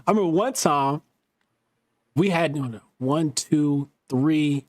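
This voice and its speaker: Slightly high and slow, this man's voice has no room sound. He's a talk show host casually telling stories, swearing plenty and acting out quotes in lively fashion.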